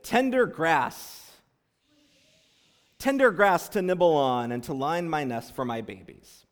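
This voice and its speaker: A woman's voice: deep voice, animated, takes it slowly. A man reading as a small brown mother mouse. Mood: delighted. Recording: long reverb of large hall.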